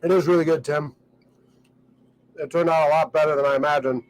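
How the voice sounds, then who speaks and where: A man's voice: a little high, fairly quick, rough recording. Rambling man. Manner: relaxed, rambling, with many fillers. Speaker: vlogger. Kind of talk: casual vlog talk. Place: on a boat at a dock, outdoors.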